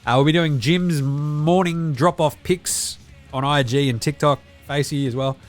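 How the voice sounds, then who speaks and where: A man with an Australian accent hosts a casual sports podcast. He is chatty and upbeat and throws in plenty of slang, and his voice sits a little high for a man, with faint music underneath. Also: measured pace. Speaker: podcast host.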